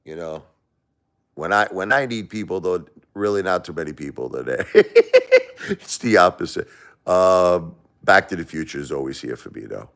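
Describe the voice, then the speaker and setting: A man's voice: deep voice, normal speed, vocal fry, fairly bright tone. A middle-aged man with a Brooklyn accent, hosting a casual livestream and rambling as he lectures his chat directly. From Brooklyn, New York. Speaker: livestream host.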